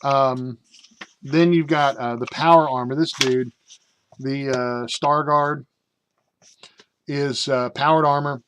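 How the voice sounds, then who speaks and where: A man reviews a tabletop game sourcebook in a loose, casual way. He reads passages aloud, then drifts into jokey, rambling asides. His pitch sits in an ordinary male middle range, and he fills his pauses with ums and uhs. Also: fairly even intonation, a bit bright, a little hiss or hum. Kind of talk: casual review reading from a rulebook.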